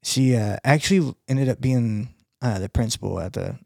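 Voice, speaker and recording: Gravelly man telling a rambling story. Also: mid-range voice, moderate pace, a little mellow, no room sound, studio quality. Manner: rambling storytelling with many fillers and laughs. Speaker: podcast co-host. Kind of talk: casual chat.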